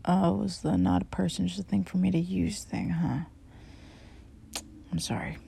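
A woman's voice: fairly low pitch, animated, moderate pace, vocal fry, mellow, breathy edge. A woman performing a whispered role-play, speaking close and intimately and often dropping into a whisper.

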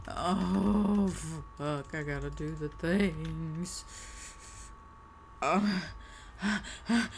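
A young woman in an intimate solo audio monologue, breathy and out of breath, sighing and swearing. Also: medium pitch, slight background noise. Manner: breathy, swearing, drawn-out sighs.

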